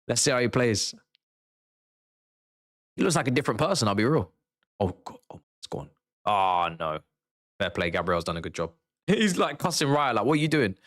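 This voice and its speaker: A man hosting a live football watchalong, reacting in a slangy, excitable way, swinging between mumbled asides and shouted outbursts. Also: on the low side, normal speed, long pauses. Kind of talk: live match reaction commentary.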